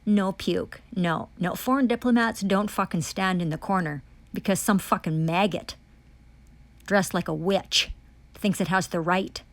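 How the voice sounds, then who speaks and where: In a dry recording, a woman with a mid-range voice talks a little slowly as she testifies in anger. Claiming to be a foreign diplomat, she hurls profane accusations, circling back over the same points and restarting her phrases.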